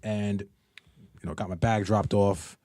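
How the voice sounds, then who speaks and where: A young man co-hosting a podcast, telling stories in casual chat, animated and swearing freely. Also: fairly low pitch, slow pace, dry recording, clean studio sound. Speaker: podcast co-host.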